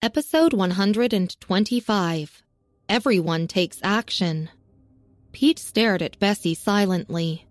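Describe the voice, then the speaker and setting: A woman reading a serialized story as narrator, with a steady, even storytelling manner. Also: mid-range voice, no room sound. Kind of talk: scripted audiobook narration. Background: faint music.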